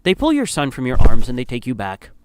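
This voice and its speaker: A man's voice: mid-range voice, huge pitch swings, fast talker, background noise. A man narrating a dramatic story in the second person, in a grave, somber manner.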